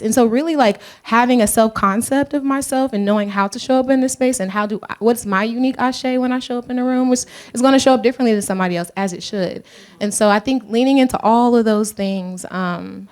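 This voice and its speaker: A woman's voice: mid-range voice, a little fast. A woman from Georgia with a light Southern lilt speaks on a panel in front of a live audience. Her talk is earnest and reflective, and she calls the room "y'all.". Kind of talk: panel discussion.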